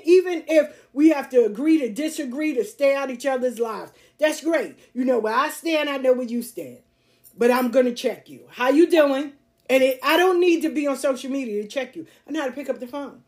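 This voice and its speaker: Her voice sits high and a bit mellow, lively and at a normal speed. As the host of a podcast monologue, she keeps things casual, stating her views bluntly and forcefully, going over her points again, and laughing frequently.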